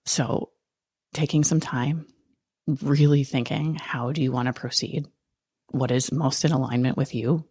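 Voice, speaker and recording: Gravelly, husky woman venting frankly. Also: rumbling low, fairly even intonation, a little slow, darkish tone, no echo, studio quality. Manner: raw, angry and frank, swearing often. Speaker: podcast host. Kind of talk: personal monologue.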